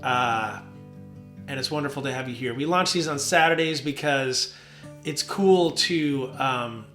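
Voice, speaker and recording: A man's voice: medium pitch, a little slow. Rambling man hosting a devotional. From New Jersey. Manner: relaxed, rambling, with fillers. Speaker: worship leader and devotional host. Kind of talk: casual devotional talk. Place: home basement studio. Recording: roomy studio with soft guitar.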